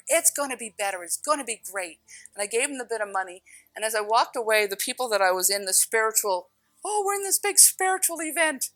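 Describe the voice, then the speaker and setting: A middle-aged woman spiritual teacher telling stories in a casual, animated way, laughing often and shifting her pace. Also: mid-range voice, no room sound. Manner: animated storyteller, laughs often, speeds up and slows down.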